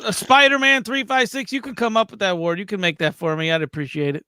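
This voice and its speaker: High-voiced, laughing podcast guy. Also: fairly even intonation, quick pace, bright, forceful tone, smooth, dry recording, clean studio sound. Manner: laughing, swears casually. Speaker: podcast co-host. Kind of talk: casual gaming podcast chat.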